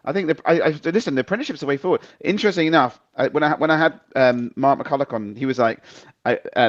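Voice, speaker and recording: A man's voice: medium pitch, fast talker. A man hosting a podcast, chatting with enthusiasm and passing on anecdotes from friends. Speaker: podcast host. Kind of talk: casual chat. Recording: dull lo-fi audio.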